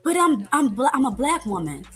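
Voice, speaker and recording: A woman's voice: high voice, big pitch swings, fairly quick, husky, soft background music. A woman arguing indignantly and accusingly on a live-stream debate.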